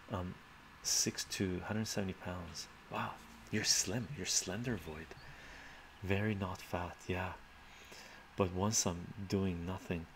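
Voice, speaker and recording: A man's voice: low voice, slight background noise. A man hosting a live stream, reading out chat questions and musing through them in a thoughtful, rambling way with sighs and fillers.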